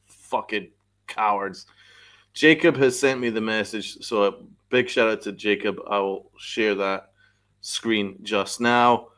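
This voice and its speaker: A man's voice: medium pitch, a bit bright. Angry man ranting on a sports podcast. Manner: angry, profane, venting; reads chat messages aloud. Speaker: podcast host. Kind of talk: live-stream sports rant.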